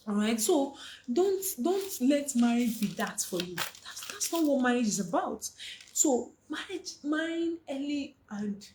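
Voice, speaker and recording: Female marriage coach, animated and direct, slightly high voice, roomy echo. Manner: earnest, animated, addresses the listener directly. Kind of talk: motivational talk to young women.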